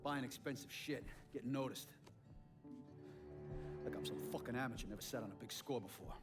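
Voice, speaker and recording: A man playing a weary, bitter middle-aged mobster in a video game, gruff and resentful. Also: medium pitch, fairly quick, natural voice. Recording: game audio under loud music.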